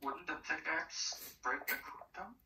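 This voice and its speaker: A man's voice: on the high side, measured pace, creaky, pushed and bright. A man playing a game with a friend, chatting casually and teasing with dry jokes. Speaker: friend and co-player. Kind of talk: casual gaming chat. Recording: roomy, distant, noisy voice chat.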